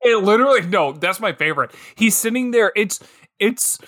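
A man's voice: high-pitched, expressive, normal speed, a bit bright, no room sound, clean studio sound. A man co-hosting a podcast, mocking a movie in disbelief and laughing often. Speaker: podcast co-host. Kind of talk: casual comedic movie recap.

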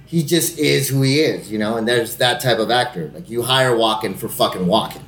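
A man who is an actor, talking casually with lots of swearing and quick impressions of people he quotes. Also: medium pitch, fairly bright tone, reverberant, slight background noise. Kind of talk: casual podcast chat.

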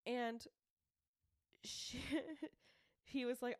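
A woman's voice: on the high side, measured pace, pauses often, darkish tone, dry recording, studio quality. A young woman co-hosting a podcast, casually retelling a true-crime story with lots of "like"s. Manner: chatty storyteller, many "like"s. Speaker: podcast co-host telling the story. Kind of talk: casual chat.

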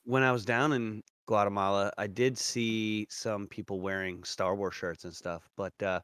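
A man's voice: fairly low pitch, normal speed, clear, resonant tone, no echo, studio quality. A man co-hosting a podcast in casual chat, telling stories and acting out the people in them. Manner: animated storyteller, acts out quoted people. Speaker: podcast co-host.

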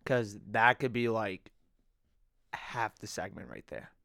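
A man's voice: on the low side, steady tone, slow, sharp tone, smooth, no echo, clean studio sound. A man co-hosting a casual podcast, joking, swearing and stumbling over his words. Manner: joking, swears, stutters on restarts. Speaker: podcast co-host.

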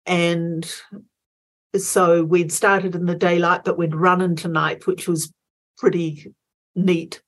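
A woman in her sixties with a New Zealand accent, a guest telling a story in a reflective, unhurried way. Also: fairly low pitch, little pitch movement. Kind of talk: casual chat.

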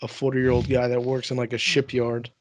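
A man in casual chat, teasing in a deadpan way and swearing. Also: mid-range voice, fairly quick, no echo.

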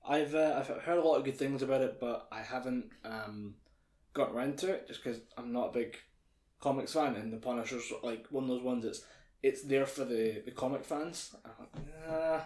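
A man's voice: mid-range voice, normal speed, darkish tone. A British man co-hosting a podcast, laid-back and jokey in casual chat. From United Kingdom. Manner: laid-back, brief reactions and jokey asides. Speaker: podcast co-host. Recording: echoey room.

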